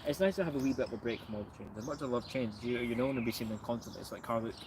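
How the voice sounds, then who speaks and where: Fast-talking Scottish man outdoors. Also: mid-range voice, background noise. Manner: chatty, joking, swears freely. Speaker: vlogger. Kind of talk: casual banter on a train platform. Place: outdoors at a railway station.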